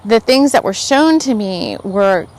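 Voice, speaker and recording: Chatty woman rambling thru a spiritual podcast story, lots of "like"s, animated. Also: mid-range voice, unhurried. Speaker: podcast host. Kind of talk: casual spiritual podcast chat.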